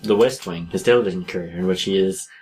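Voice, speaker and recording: Lowish-voiced man in loose chat. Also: fast talker, a little mellow, a little hiss or hum. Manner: rambling, hedging with 'like', laughs often. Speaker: podcast co-host. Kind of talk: casual chat.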